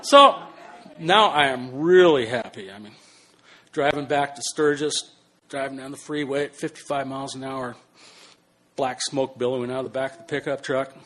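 Older guy spinning a yarn, gets quiet then loud, curses casually, plain middle voice. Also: mid-range voice, normal speed. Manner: animated, swings between hushed and loud, swears casually. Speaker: storyteller. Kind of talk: spoken personal anecdote.

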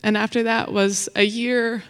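A woman's voice: fairly high pitch, level tone, a little slow, fairly bright tone, smooth. A woman telling a personal story live on stage, chatty, with fillers and frequent laughter. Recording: long hall reverb.

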